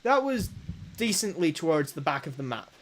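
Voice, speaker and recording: A man's voice: fairly high pitch, big pitch swings, normal speed, fairly bright tone, slight background noise. A young man streaming a game, thinking aloud to his chat and bragging playfully about his runs. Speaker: gaming streamer. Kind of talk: live game commentary to chat.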